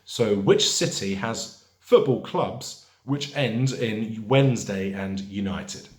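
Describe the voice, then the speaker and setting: A quiz host runs a pub quiz in a lowish voice, reading every question slowly and then repeating it. Between questions he slips into chatty asides, and the room echoes around him.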